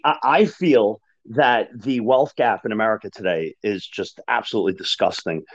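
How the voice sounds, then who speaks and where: A man speaking as a union manager and podcast guest, talking frankly and emphatically in an animated conversation. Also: medium pitch, no echo. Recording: dull lo-fi dry sound.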